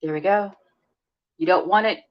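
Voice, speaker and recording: A woman's voice: on the low side, normal speed. A woman hosting a livestream in casual chat, teasing her viewers and talking to them while she fiddles with her devices. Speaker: livestream host. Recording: lo-fi livestream audio.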